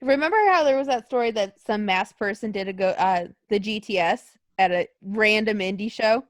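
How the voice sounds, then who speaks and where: A woman's voice: mid-range voice, moderate pace, dry recording. A woman co-hosting a podcast in casual chat, talking loosely with lots of fillers. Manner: chatty, lots of likes and ums. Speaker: podcast co-host. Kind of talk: casual chat about wrestling.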